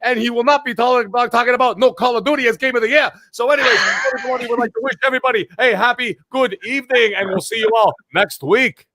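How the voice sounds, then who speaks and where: A man voicing a brash, boozy Christmas roaster who mocks his co-hosts loudly. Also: extremely high pitch, fast talker, hardly any pauses, no room sound. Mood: boastful. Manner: loud, boastful, mocking. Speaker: podcast co-host. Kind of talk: comedic rant and parody song.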